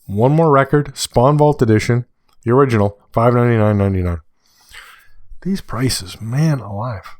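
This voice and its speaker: A man's voice: medium pitch, normal speed, dry recording, clean studio sound. Chatty man hosting a solo podcast. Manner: chatty and rambling, with self-corrections and excited asides. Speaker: podcast host. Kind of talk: casual solo podcast monologue.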